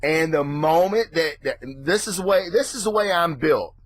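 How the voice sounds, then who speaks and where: A man hosting his own show, ranting casually and excitably with lots of swearing. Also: normal speed, no room sound. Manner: profane, excitable, mimics reactions in a high voice. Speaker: podcast host.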